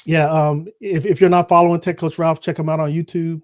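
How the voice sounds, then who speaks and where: A man co-hosts a casual live-streamed chat about a tech book, his nose stuffed up as he talks. He is playful and slangy and laughs easily, in a slightly high voice. The sound is dry and close, with no room around it. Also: level tone, a little fast, no room sound. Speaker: co-host of a tech book podcast.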